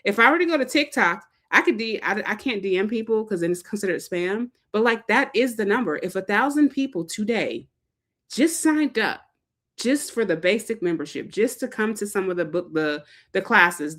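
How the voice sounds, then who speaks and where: Chatty woman hosting a livestream. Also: medium pitch. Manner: animated, chatty, frequent fillers and playful put-on quotes. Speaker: livestream host, fundraiser organizer. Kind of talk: casual livestream talk.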